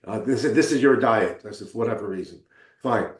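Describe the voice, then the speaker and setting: A man's voice: on the low side, fairly quick. A man telling a personal story as a guest in a conversation, earnest and emotional, acting out the dialogue he recounts. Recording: roomy echo.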